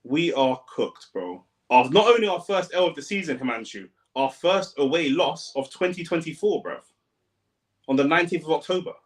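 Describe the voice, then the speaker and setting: A young man, a fan streamer giving casual, slangy live commentary on a football match, breaking into sudden loud outbursts. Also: on the high side, fairly quick.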